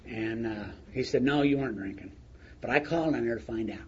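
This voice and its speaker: A man's voice: mid-range voice, a little fast, slightly rough. Plain-spoken man telling a story, lo-fi. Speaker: speaker sharing his recovery story. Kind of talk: recovery meeting share. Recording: muffled lo-fi recording with faint noise.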